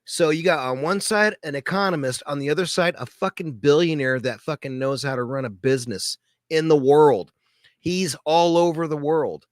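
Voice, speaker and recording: A man's voice: a little high, fairly bright tone, dry recording, studio quality. A man giving a crude, rambling reaction commentary, swearing constantly. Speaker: video commentator.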